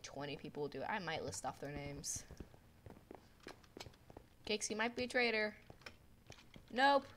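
A teenage girl at home giving rambling, excitable commentary over her gameplay on a desktop mic, full of "like" fillers. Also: lowish voice, noisy background. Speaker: gaming video creator. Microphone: desktop microphone.

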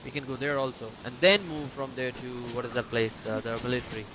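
A man, playing along and calmly giving directions in casual game chat. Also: medium pitch, quick pace. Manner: laid-back, giving directions. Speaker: fellow player. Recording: noisy background.

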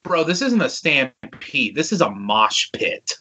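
A man's voice: fairly high pitch, unhurried, breathy edge. A man co-hosting a podcast, chatting casually about a cartoon episode, joking and swearing as he goes. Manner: animated, joking, profane. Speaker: podcast co-host. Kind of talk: casual episode recap chat.

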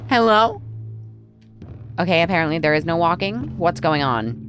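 At a normal speed and with lively intonation, a woman with a lowish voice plays a horror game while music runs in the background. As the host of a gaming channel, she chats through the let's play, speaking to the characters and jumping at scares.

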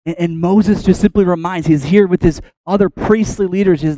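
Male pastor, animated storyteller, mellow tone, dry close sound. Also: high voice, a little fast, hardly any pauses, dry recording, rough recording. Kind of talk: sermon.

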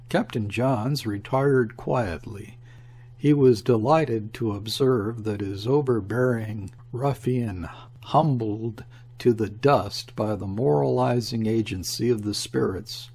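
A man narrating a classic story as an audiobook, in a measured, even way. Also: mid-range voice, husky.

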